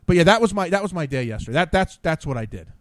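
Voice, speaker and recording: A man's voice: on the high side, very animated, fast talker, no room sound. A man hosting a podcast, telling rambling, profane stories and losing his train of thought. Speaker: podcast host. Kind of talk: casual profane storytelling.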